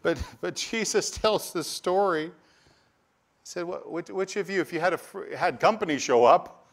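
A male pastor preaching a sermon, earnest and conversational, often restarting and repeating words, lively when telling stories. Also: sits high, normal speed. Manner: earnest preaching with repetitions and restarts, animated storytelling asides.

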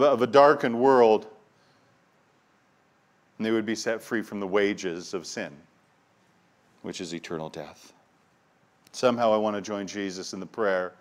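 A man preaching a sermon with passion, dropping to a hush and then building to loud, urgent cries, often repeating words as he restarts. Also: mid-range voice. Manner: impassioned, swings from hushed to loud and urgent. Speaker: pastor.

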